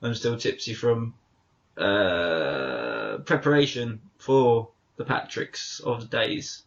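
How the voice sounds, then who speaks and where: An English podcast co-host chats casually, spinning rambling stories full of self-corrections. His low voice is gravelly and sing-song, slow-paced, with a fairly bright tone, though the highs are cut off in the recording.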